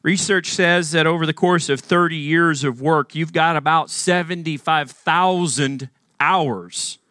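A man's voice: fairly high pitch, a little slow, sharp tone, no echo, clean studio sound. A man from Arkansas preaching a sermon as pastor, earnest and emphatic, asking the congregation questions.

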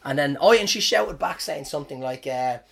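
An Irish comedian hosting his podcast, telling stories about his gigs in an animated, swearing, self-mocking way. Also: on the high side, a little fast, vocal fry. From Ireland. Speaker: stand-up comedian, podcast host. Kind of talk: casual storytelling monologue.

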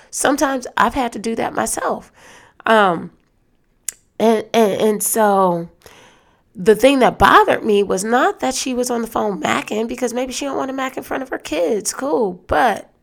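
A woman hosting a solo podcast, ranting in an animated, exasperated way and speaking straight to her listeners. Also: a little high, vocal fry. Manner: loose and conversational, with restarts. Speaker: podcast host.

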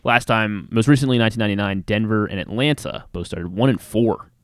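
A man's voice: on the low side, fairly quick, slight background noise. A man co-hosting a sports talk show, reading football stats in an easygoing way. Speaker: sports radio co-host.

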